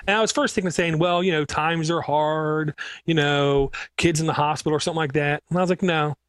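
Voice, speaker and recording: Fairly high-pitched, a little fast, and smooth, this man owns a computer repair business and chats on a podcast with no echo. He tells his stories with flair, playing out his customers' dialogue.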